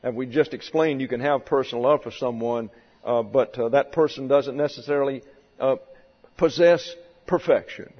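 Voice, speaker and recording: A pastor preaching a doctrinal sermon in a church, deliberate and stressing key words as he works through numbered points. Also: medium pitch, slightly rough. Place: church sanctuary. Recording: dull sound with long hall reverb.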